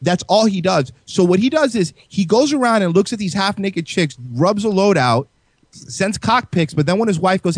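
A man's voice: high voice, animated, normal speed, dry recording. A man co-hosting a podcast in crude, casual banter, rambling and mocking, often stumbling over his words. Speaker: podcast co-host.

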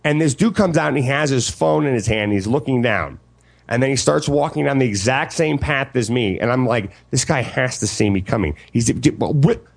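A man co-hosting a casual chat, retelling an encounter in an animated, profane way. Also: medium pitch, moderate pace, gravelly.

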